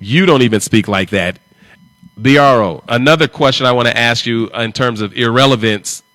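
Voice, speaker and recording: A man's voice: mid-range voice, moderate pace, a bit bright, no room sound. A man hosting a live stream, talking in an emphatic, repetitive and confrontational way. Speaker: livestream host.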